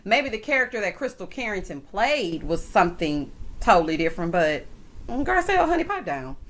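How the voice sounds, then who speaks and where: A woman recapping a reality show in a sassy, animated chat, calling people honey and child. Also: mid-range voice, normal speed. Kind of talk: casual recap commentary.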